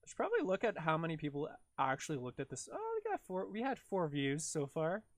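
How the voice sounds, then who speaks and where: A man's voice: on the high side, huge pitch swings, fast talker, no room sound. A man with a Canadian accent chatting casually on a livestream while he edits video, rambling, full of "like" fillers and talking to himself as he works.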